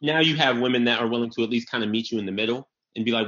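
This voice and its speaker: A man's voice: medium pitch, racing. A man hosting a casual comedy podcast, telling stories loosely, acting out quotes and swearing freely. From New York area. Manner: animated storyteller, acts out quotes, swears freely. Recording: slightly dull lo-fi audio.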